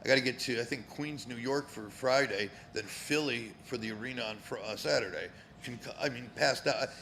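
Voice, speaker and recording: A man's voice: mid-range voice, brisk, vocal fry, bright, forceful tone, a little hiss or hum. A man in his fifties from Connecticut, a former pro wrestler guesting on a live show, telling stories in a rambling, profane way with many fillers. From Connecticut, USA. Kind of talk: casual storytelling. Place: cigar lounge, live show.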